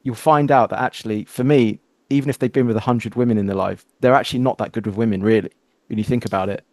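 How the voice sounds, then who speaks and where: Animated man telling stories, dry close sound. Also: fairly low pitch, fast talker, no room sound. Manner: animated storytelling, acts out quoted exchanges. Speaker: podcast host. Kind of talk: casual conversational interview.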